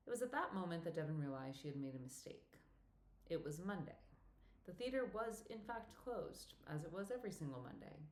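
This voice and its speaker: A woman with a low voice reads an audiobook in an even, measured way. The recording has a roomy echo around her narration. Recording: echoey room.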